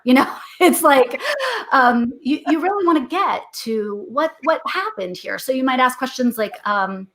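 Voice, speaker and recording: A woman's voice: on the high side, expressive, measured pace, fairly bright tone. A middle-aged woman, a guest author, explaining parenting advice in a chatty interview, acting out what parents and kids say. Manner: chatty and explanatory, acts out parent and kid lines.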